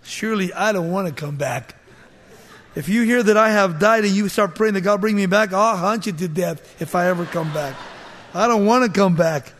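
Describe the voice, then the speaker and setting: A man delivers a sermon in a lively, high voice, acting out the people of a scripture story and laughing along the way. His voice rings with the long echo of a large hall. He swings between loud bursts and quiet asides. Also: moderate pace. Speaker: preacher.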